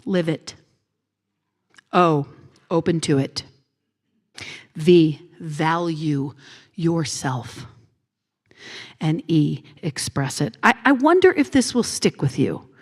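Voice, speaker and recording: A woman minister giving a gentle, intimate sermon on a handheld mic in a church, with soft hushed phrases. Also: low-pitched, lively intonation, takes it slowly, long pauses. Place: church sanctuary.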